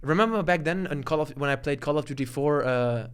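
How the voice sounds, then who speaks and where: Young male host, rambling and fairly high. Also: fairly quick, clear, resonant tone. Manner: rambling, restarting sentences, swearing freely. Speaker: podcast host. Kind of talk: casual podcast chat.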